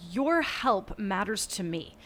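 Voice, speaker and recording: A woman's voice: medium pitch, sing-song, takes it slowly, fairly bright tone. Earnest woman teacher, chatty guest. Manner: earnest, acts out what she tells students, many restarts. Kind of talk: casual interview chat.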